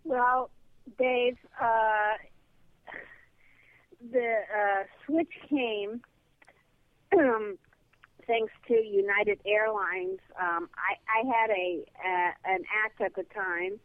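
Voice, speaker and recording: A woman guest telling a lively comedy anecdote over the phone, full of fillers. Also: on the high side, drawn-out words, long pauses, no room sound. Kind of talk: casual storytelling on a call-in show. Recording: tinny phone line, dry.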